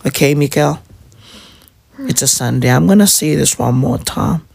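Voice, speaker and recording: A man's voice: on the high side, lively intonation, normal speed, gravelly, darkish tone, husky, dry recording. A man vlogging in casual chat with his wife, teasing and joking in playful banter.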